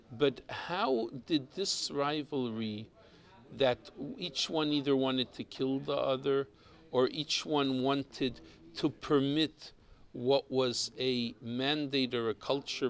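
Slow, gravelly man teaching a Torah class. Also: medium pitch, a bit bright. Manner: explains Hebrew text, mixes Hebrew and English terms; halting, repeats words while thinking.

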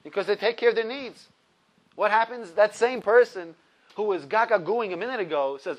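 A man's voice: sits high, normal speed, low-quality recording. A man in his thirties teaching a Torah lesson, building up points with emphasis and laughing at his own stories. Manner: storytelling with rising emphasis. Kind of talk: explaining a religious text to a class.

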